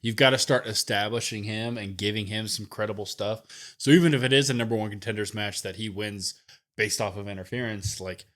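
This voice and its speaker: A man's voice: fairly low pitch, a little fast, fairly bright tone. A man co-hosting a wrestling podcast, giving his opinions casually and thinking aloud. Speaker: podcast co-host.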